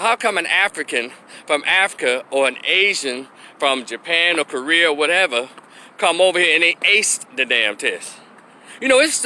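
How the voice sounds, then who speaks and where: A man's voice: sits high, sharp tone, slight background noise. A middle-aged man from Memphis giving a blunt, opinionated monologue for his vlog, now and then acting out the voices he quotes. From Memphis, Tennessee. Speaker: opinion commentator.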